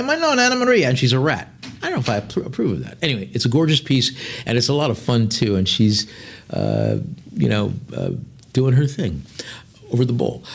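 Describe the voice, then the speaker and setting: A man working as an auctioneer, rattling off bids quickly and breaking into chatty, joking descriptions of each lot. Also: mid-range voice, creaky, breathy edge. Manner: rapid bid calling mixed with chatty, joking asides. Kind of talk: live auction calling with item descriptions.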